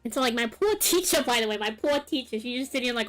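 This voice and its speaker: Drawing on stream, a young female art streamer tells a long, meandering personal story, casual and packed with fillers and side comments. She speaks quickly in a slightly high, somewhat bright voice with lively intonation, over soft background music.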